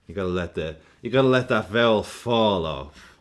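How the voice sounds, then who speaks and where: A man with a low voice talks through a reaction video in a loose, joking way, swearing now and then. His delivery is animated and casual. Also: normal speed, hardly any pauses. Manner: animated, jokey, swears freely. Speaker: football reaction video host.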